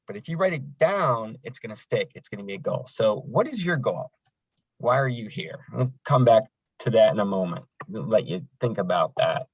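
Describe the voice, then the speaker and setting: A man's voice: on the low side, lively intonation, normal speed, husky, no echo, poor audio. Folksy man giving a dry training talk. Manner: conversational, folksy examples, frequent fillers. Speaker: crisis line trainer. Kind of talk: training lecture.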